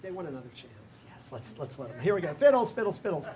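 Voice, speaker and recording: A man's voice: medium pitch, lively intonation, fast, crowd noise. An older man leading a live music workshop. He talks casually, sings melodies in nonsense syllables, counts the players in and laughs often. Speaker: workshop leader.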